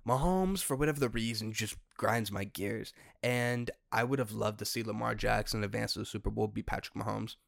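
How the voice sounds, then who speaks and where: A young man hosting a solo podcast, ranting in an exasperated way with sudden loud outbursts. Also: fairly low pitch, brisk, vocal fry, hardly any pauses, no room sound, studio quality. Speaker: podcast host.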